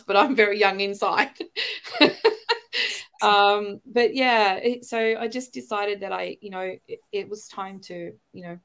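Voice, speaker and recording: With a medium-pitched, fairly bright voice, a middle-aged woman with an Australian accent chats as a podcast guest. She wanders through a casual interview, slipping light laughs in between phrases.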